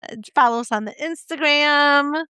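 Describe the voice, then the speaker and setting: A woman's voice: high-pitched, normal speed, sharp tone, no room sound, studio quality. A middle-aged woman co-hosting a podcast, chatting with enthusiasm and laughing often. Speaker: podcast co-host. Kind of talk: casual chat.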